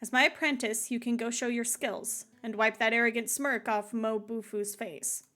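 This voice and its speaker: A woman's voice: fairly high pitch, steady tone, moderate pace, sharp tone. A woman reading a stern proud head chef.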